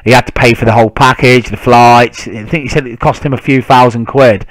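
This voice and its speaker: A man's voice: medium pitch, steady tone, a little fast, dry recording, low-quality recording. Heated man ranting. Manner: indignant, heated, swears freely. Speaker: football fan vlogger. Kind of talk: casual ranting monologue.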